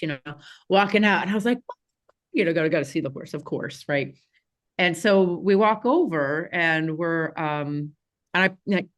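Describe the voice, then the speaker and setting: A woman, a podcast guest telling a childhood story in a casual, animated way with frequent laughs and fillers. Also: on the low side. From Southeast Missouri, USA.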